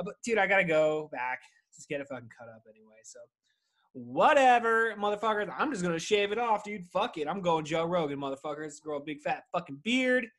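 A man's voice: on the high side, a bit bright. Rambling, foul-mouthed male podcast host. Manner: rambling, profane, laid-back stoner chat. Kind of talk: casual solo podcast monologue. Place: at home.

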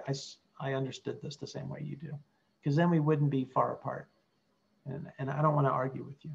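Man, clinical psychologist, gravelly voice, earnest teaching tone, lo-fi call audio. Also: on the high side. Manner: earnest, models calm empathic replies. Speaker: clinical psychologist leading a workshop. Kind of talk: teaching workshop with role-play examples.

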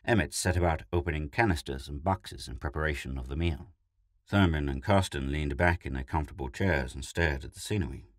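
Deep-voiced man narrating a story. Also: brisk, dry recording, studio quality.

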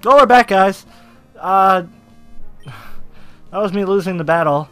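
A young man giving casual, excitable, profane let's-play commentary over a video game, shouting when frustrated. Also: high-pitched, takes it slowly, clean tone. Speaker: gaming YouTuber. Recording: faint game music behind.

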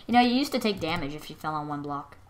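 A woman hosting a casual let's-play commentary, chatty and excitable, quick to gasp and exclaim as she plays. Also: deep voice, a crowd in the background. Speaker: gaming channel host.

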